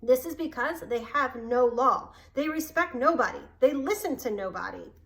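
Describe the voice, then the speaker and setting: A woman's voice: a little high, expressive, brisk, natural voice. Woman reading as Baloo, stern earnest bear. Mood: angry. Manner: earnest, scolding. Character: stern, earnest old male bear teacher. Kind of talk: storybook read-aloud.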